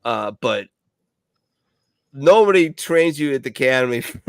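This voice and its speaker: A man, a veteran regular on the show, telling rambling, profane stories in casual bar banter and laughing loudly. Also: medium pitch, lively intonation, normal speed, clear, resonant tone, dry recording, studio quality.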